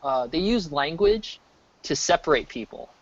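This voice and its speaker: A man's voice: a little high, normal speed, a crowd in the background. Rambling American man on a dull mic. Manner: rambling, restarts often, animated. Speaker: streamer. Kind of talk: casual chat. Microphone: desk mic.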